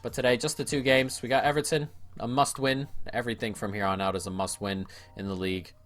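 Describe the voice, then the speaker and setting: A man's voice: medium pitch, fast talker, soft background music. A man giving casual let's-play commentary on a football video game, chatting to viewers and calling the action play by play. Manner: chatty play-by-play, bursts of excitement at goals. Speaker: gaming video creator.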